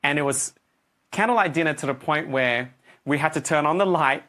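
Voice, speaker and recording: A man's voice: on the high side, moderate pace. A middle-aged man coaching a group, telling a story and acting out his own reactions. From Australia. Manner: animated, acts out his own reactions and voices.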